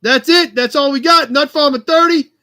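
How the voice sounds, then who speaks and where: A man's voice: very high-pitched, moderate pace, pushed and bright, pitched above the performer's own voice. A man voicing a brash, pushy New York auctioneer in a put-on New York accent, calling out bids. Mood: hamming. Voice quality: hammy, brash.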